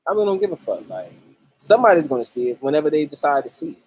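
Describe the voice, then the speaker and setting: A man's voice: a little high, big pitch swings, rapid-fire, darkish tone, breathy edge. A man hosting a livestream in casual, profane chat, greeting viewers by name as they join. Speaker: livestream host.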